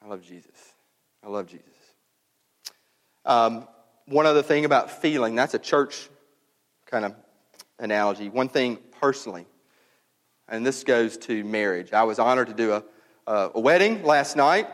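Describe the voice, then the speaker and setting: A man's voice: mid-range voice, lively intonation, moderate pace. A man pastor giving a sermon in a conversational, storytelling way with many fillers and restarts. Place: church sanctuary. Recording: reverberant church hall.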